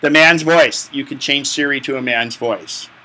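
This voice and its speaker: A man's voice: mid-range voice, moderate pace, pushed and bright, rough recording. A man teaching a live tech class, explaining step by step in a chatty, joking way. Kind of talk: hands-on tech class instruction.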